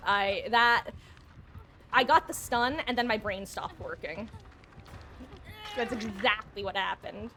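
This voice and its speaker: A woman streaming a game live, chatting casually with viewers, self-mocking and breaking into excited bursts. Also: medium pitch, moderate pace, background noise.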